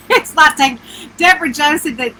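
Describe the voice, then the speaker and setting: A middle-aged woman with a high, squeaky, twangy voice, chatting on a phone livestream from a small camper and greeting viewers by name. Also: normal speed, bright, forceful tone, poor audio. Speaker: author hosting a livestream. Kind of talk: casual live-stream chat. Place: inside a small camper with the air conditioner running.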